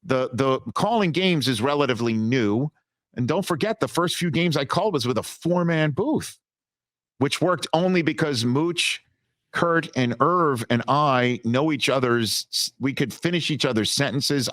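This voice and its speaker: A man's voice: mid-range voice, moderate pace, no room sound. Man telling stories, dry close sound. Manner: animated storyteller with many restarts. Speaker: guest broadcaster. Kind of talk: casual interview talk.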